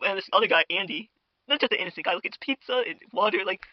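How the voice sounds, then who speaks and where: A young man hosts a spoof drama-commentary show from his home dinner table, his high, animated voice racing through gossipy, mock-outraged rambling full of fillers and viewer asides. The podcast mic recording is dry and muffled.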